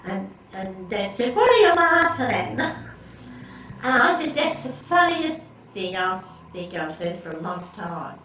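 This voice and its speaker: Speaking slowly in a medium-pitched voice that is bright and forceful, an older woman recounts family stories in an informal interview. She rambles, restarts often and laughs a lot, and the distant recording in an echoey room carries faint background noise.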